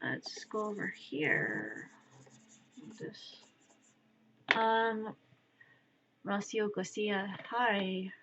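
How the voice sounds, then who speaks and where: A woman streamer chatting casually with viewers while she crafts, rambling and distracted, sometimes muttering softly to herself. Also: medium pitch, very animated, very slow, vocal fry, pauses often, a little hiss or hum. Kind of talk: casual live-stream chat. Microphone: wearing headphones. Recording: dull lo-fi stream audio.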